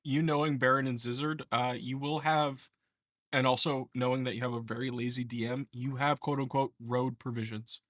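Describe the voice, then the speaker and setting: A man's voice: medium pitch, little pitch movement, normal speed, fairly bright tone, no echo, studio quality. A young man running a tabletop game as game master, chatting casually, joking, laughing and swearing a lot.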